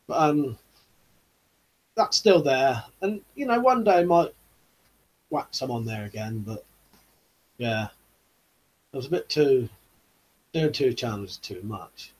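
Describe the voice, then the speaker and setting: Husky-voiced man chatting casually. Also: medium pitch, expressive, takes it slowly, long pauses, low-quality recording. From United Kingdom. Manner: rambling, easygoing, full of fillers like 'you know'. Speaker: YouTube channel host. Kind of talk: casual live-stream chat, reading out viewer comments.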